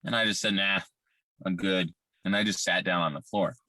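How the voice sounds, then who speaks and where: Man with a deep, forceful voice, personal testimony, blunt and profane, halting, dry close sound. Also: dry recording. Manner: candid, profane, halting with fillers. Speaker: survivor telling his story.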